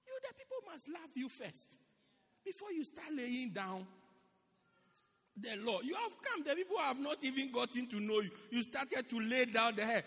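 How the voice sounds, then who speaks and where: In a church sanctuary, a male pastor delivers an animated sermon in a high, husky voice that rises and falls freely. Speaking at normal speed, he repeats key phrases again and again for emphasis, and a long church-hall reverb carries the sound.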